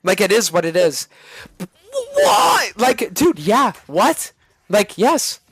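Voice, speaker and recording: A man's voice: high voice, lively intonation, unhurried, husky, dry recording. A male streamer ranting on a live stream, swearing and arguing hard with chat. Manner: profane, ranting, argumentative.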